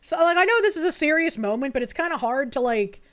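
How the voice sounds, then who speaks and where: High-voiced woman, blunt and sarcastic. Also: animated, fast. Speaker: streamer. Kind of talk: live reaction commentary.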